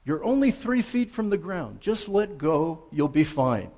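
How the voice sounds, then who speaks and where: A preacher voicing God, calm and reassuring. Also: male voice, a little high, a little slow, long reverb tail, full character voice. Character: calm patient voice of God from above.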